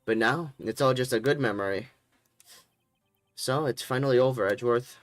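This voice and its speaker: A man voicing an easygoing young defense attorney who talks in a relaxed, friendly way. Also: medium pitch, moderate pace, no room sound, natural voice.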